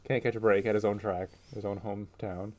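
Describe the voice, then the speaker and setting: Laid-back low-voiced man, casual chat. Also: flat delivery, fairly quick, a little mellow. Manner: laid-back, hesitant with many fillers. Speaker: podcast co-host.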